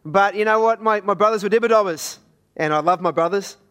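A man's voice: high voice, brisk, a bit bright, clean tone. A man with an Australian accent preaching a sermon in a conversational, storytelling way.

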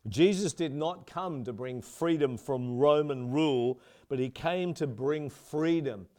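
A male pastor preaches to his congregation in an earnest, steady voice of middling pitch. He slows down on key phrases to give them weight. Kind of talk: sermon.

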